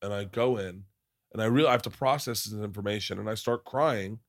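A low-voiced man hosts a casual podcast chat, piling up restarts as he rambles through a story and acts out the voices of the people in it. He sounds close and dry, with no room around him. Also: brisk, dry recording. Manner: frequent restarts. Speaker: podcast host.

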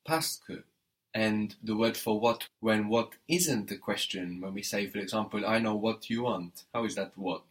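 A man's voice: lowish voice, moderate pace. A man teaching French in an audio lesson, patient and methodical, prompting the learner and spelling words letter by letter.

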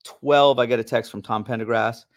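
A man co-hosting a podcast, telling a long story in a heated, animated way and swearing often. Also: medium pitch, normal speed. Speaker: podcast co-host. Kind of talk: casual storytelling.

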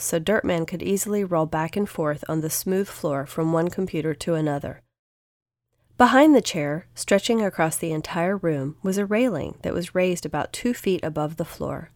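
Lower-voiced woman narrator for a children's audiobook, steady delivery, dry close recording. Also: no echo.

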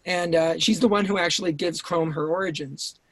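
Male guest, intense storyteller, a bit high-pitched, dry close sound, swears and restarts a lot, remote call. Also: fairly even intonation, normal speed, a bit bright, dry recording. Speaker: writer-director guest. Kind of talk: casual interview storytelling.

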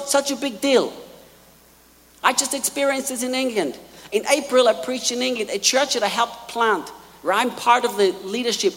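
A man preaching a sermon, telling stories in an animated way and acting out quotes. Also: very high-pitched, in a large hall.

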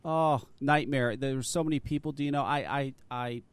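A man's voice: medium pitch, normal speed, clean tone, no room sound. A man hosting a casual talk radio show, telling stories with lots of swearing and laughter. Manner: animated storyteller, swears a lot, laughs often. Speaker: host.

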